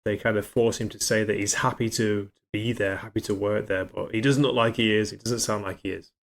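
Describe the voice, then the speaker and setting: A man's voice: on the low side, steady tone, brisk, creaky. Chatty man discussing comics. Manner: chatty, reads comic dialogue in put-on voices. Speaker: podcast co-host. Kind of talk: casual comic book discussion.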